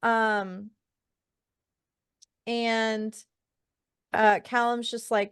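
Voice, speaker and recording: A woman co-hosting a casual book podcast, her voice smooth and clear. She swears freely and animates the scenes she recaps by quoting the characters. The sound is dry and close, with no room echo. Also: medium pitch, a little slow, long pauses. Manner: profane, animated retelling with quoted character lines. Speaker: podcast co-host.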